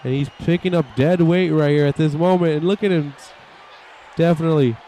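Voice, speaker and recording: A man giving excitable play-by-play commentary over a wrestling video game and voicing the wrestlers' thoughts in quick asides. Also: a little high, slight background noise. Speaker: gameplay commentator.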